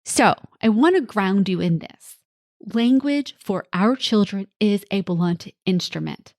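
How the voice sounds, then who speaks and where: Woman, podcast host, parenting coach, reassuring and direct, middle pitch, dry close sound. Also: animated, a little slow, darkish tone, no room sound. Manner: coaching, reassuring, acts out quotes from kids and parents. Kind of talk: solo podcast talk.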